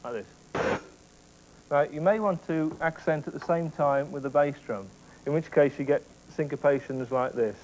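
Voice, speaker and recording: A man teaching drum technique step by step, explaining clearly and counting beats aloud. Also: a little high, moderate pace, a little mellow, a little hiss or hum, poor audio. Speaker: drum instructor. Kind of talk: instructional explanation with demonstrations.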